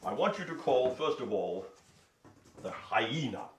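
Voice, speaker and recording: A man playing a bossy lion king, loud and commanding. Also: medium pitch, animated, a little slow, reverberant, slight background noise, natural voice.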